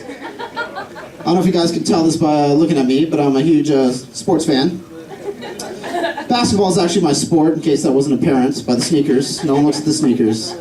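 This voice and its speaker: A man performing a stand-up comedy set, self-deprecating and rambling with lots of fillers. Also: high voice. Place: comedy club stage. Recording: roomy club audio from far off, loud crowd. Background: audience laughter.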